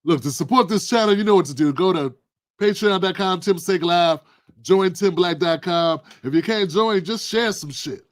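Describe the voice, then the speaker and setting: A man hosting his own political commentary livestream, talking in an animated, preachy, colloquial way. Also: high voice, normal speed, no echo, studio quality. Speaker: livestream host.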